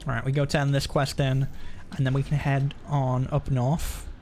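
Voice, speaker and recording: A man's voice: mid-range voice, little pitch movement, moderate pace, darkish tone, a little hiss or hum. A man streaming a game, thinking aloud in casual commentary. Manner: laid-back, thinking aloud.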